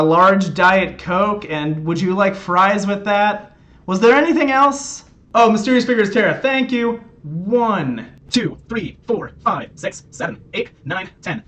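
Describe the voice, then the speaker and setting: High-voiced man chatting on a game stream. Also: fairly bright tone. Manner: chatty, joking, self-mocking. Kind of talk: casual live-stream chat.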